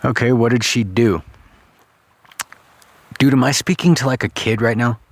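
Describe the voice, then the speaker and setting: A man's voice: mid-range voice, normal speed. Ghost-hunting man questioning spirits. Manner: talks aloud to unseen spirits, questioning, casual with swearing. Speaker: paranormal investigator. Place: abandoned ghost town, outdoors and in old houses.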